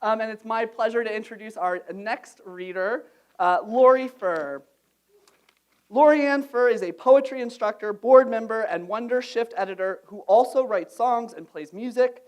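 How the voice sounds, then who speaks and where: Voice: medium pitch, moderate pace. An emcee with a mid-range voice introduces the readers at a literary launch. The delivery is casual and friendly, with a few fillers along the way. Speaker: event emcee.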